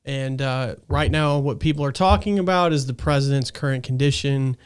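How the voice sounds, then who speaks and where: Smooth-voiced chatty man. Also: mid-range voice, normal speed. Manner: rambling, chatty, laughs easily. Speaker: podcast host. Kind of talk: casual podcast chat.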